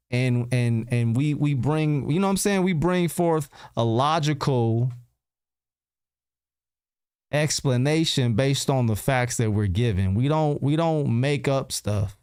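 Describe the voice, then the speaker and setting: Livestream host, male, mid pitch, smooth clear voice, dry close sound; slangy, repeats questions to chat. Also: takes it slowly, a little mellow, dry recording. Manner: repeats himself and fires rhetorical questions at viewers; loose slangy street talk. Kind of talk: casual livestream commentary.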